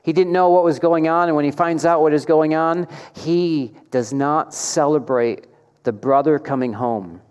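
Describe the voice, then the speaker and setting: Guy preaching, kinda high voice, big echo in a church hall, lots of questions to the crowd. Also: moderate pace, clean tone. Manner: rhetorical questions, animated emphasis. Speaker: pastor. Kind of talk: sermon. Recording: long hall reverb.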